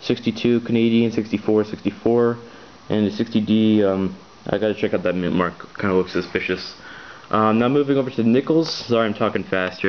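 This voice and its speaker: A man with a fairly low voice talks through his finds in a loose, show-and-tell manner. He hesitates often, filling gaps with ums and restarting his sentences, and hurries along. The camera audio is dull and lo-fi, with faint noise behind him. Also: fairly even intonation, brisk. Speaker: coin collector vlogger. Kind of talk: casual show-and-tell vlog.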